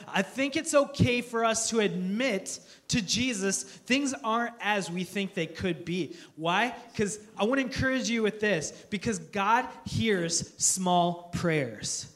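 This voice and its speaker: A male pastor delivering a sermon in an earnest, heartfelt way. He repeats key phrases and often stumbles into restarts. His voice sits noticeably high for a man. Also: a bit bright. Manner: earnest, repetitive, stammering restarts.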